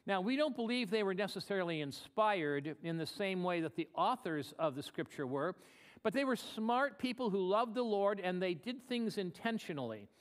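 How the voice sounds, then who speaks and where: A man pastor preaching a live church sermon, earnest, slowing down to read scripture aloud. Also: high-pitched, animated. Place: church sanctuary. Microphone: live broadcast.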